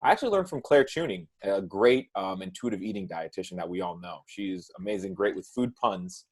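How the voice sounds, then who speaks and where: A man's voice: low voice, a little fast, breathy edge. Chatty man coaching on eating. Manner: relaxed, says "right?" and "like" often. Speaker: nutrition coach. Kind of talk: casual podcast chat.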